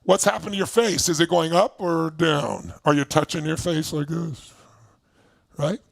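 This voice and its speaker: A man leading an energetic motivational coaching session for an online audience, firing off questions and swinging between loud bursts and low, quiet stretches. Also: vocal fry, dry recording, clean studio sound. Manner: emphatic, leads exercises with rapid questions, swings from loud to low. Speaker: motivational speaker. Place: indoors, streaming to a video call audience.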